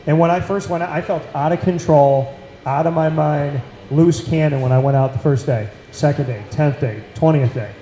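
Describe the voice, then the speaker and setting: A man's voice: fairly high pitch, normal speed, mellow, a little hiss or hum. A man hosting a casual talk show with a Central New York accent, speaking in an earnest, emphatic way and repeating phrases for weight. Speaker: podcast host. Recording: echoey room.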